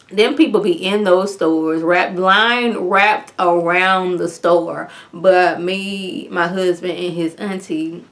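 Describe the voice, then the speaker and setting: Chatty woman recapping a TV episode. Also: lowish voice. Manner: chatty, animated retelling with lots of "like". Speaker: TV episode reviewer. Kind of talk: casual recap vlog.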